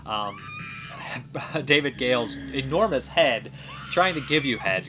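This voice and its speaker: A man's voice: medium pitch, animated, slow, background noise. A man hosting a casual film review chat, enthusiastic and rambling with frequent restarts. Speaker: podcast host reviewing films.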